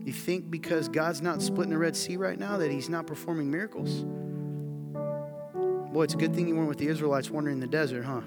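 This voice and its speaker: A man delivers a sermon to his congregation in a fairly high voice, earnest and conversational, pushing harder as he goes. Guitar music plays clearly underneath him as he preaches. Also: steady tone, fast. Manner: conversational, earnest, rising to emphatic. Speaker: pastor. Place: church sanctuary.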